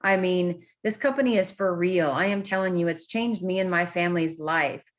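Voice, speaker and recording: A woman's voice: fairly low pitch, moderate pace. A woman co-hosting an online business presentation, talking eagerly and enthusiastically. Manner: enthusiastic, eager, apologetic over slips. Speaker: co-host. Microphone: video call.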